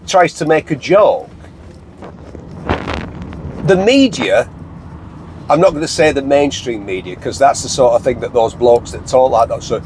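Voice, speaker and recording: Chatty English man reviewing a car. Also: medium pitch. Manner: chatty, animated storytelling with put-on voices. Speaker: car show host. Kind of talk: casual car review chat. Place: inside a car. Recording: faint road noise in car.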